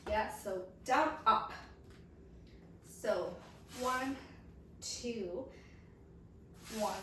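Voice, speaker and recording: A woman's voice: fairly high pitch, slight background noise. A woman teaching a belly dance choreography, counting beats aloud and checking in with the class. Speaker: dance instructor. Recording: echoey room, voice from far off the mic.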